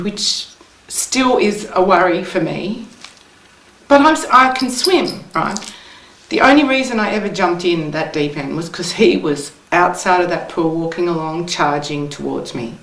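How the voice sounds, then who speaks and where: A woman in her fifties telling a personal story, hesitant and halting. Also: fairly low pitch, a bit bright. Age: 50s. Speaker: acting student. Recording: echoey room, somewhat distant.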